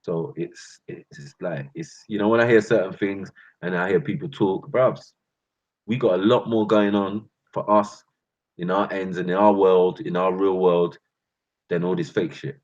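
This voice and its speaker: A man with a London accent gives a heated, slang-heavy rant, his voice low and husky. The sound is muffled and lo-fi, and he keeps calling out to his listeners as bruv and fam. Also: fairly even intonation, measured pace, darkish tone. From England. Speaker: channel host.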